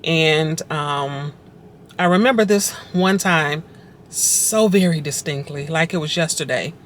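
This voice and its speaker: A woman's voice: sits low, unhurried, slight background noise. Earnest woman telling her faith story. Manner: earnest, conversational, reflective; repeats phrases for emphasis, fills with "like". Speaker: vlogger sharing her testimony.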